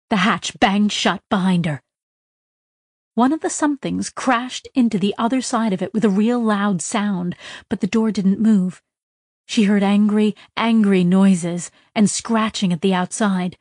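A woman's voice: mid-range voice, a little mellow, no echo, studio quality. A woman narrating a story in a tense, dramatic reading style with urgent bursts. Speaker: audiobook narrator.

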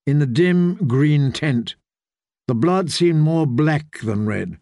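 A man narrating a dark fantasy tale in a measured storytelling voice. His pitch sits a little high for a man, and the recording is dry and close. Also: animated, dry recording. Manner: measured storytelling, voicing characters. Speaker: audiobook narrator.

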